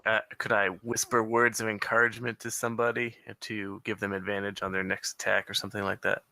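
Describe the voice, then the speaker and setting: Low, bright-toned man asking questions. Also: level tone, fairly quick, dry recording. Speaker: player. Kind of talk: casual tabletop game chat.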